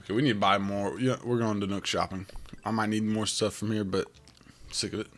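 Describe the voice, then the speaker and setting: A man chatting casually as he plays a game, with a rough morning voice, rambling and thinking aloud. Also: lowish voice, steady tone, brisk, a bit bright, a little hiss or hum. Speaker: game streamer. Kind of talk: casual gameplay commentary.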